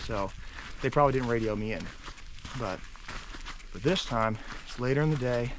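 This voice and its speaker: A man vlogging casually outdoors near railroad tracks, rambling with many fillers and sometimes dropping to a hush. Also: mid-range voice, moderate pace, noisy background. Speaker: urban explorer vlogger. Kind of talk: casual vlog narration.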